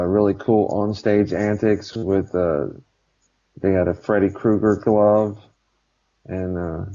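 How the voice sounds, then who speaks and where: Man, low mellow voice, relaxed podcast chat, slightly dull audio. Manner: relaxed, lots of "uh" fillers. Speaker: podcast co-host.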